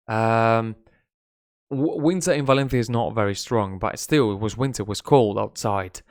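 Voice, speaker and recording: Recorded at studio quality with no room sound, a man from Spain speaks at a moderate pace in a lowish voice with a Spanish accent; Spanish is his first language. His live-stream English lesson is casual, gossipy and chatty, with swearing and bits of Spanish.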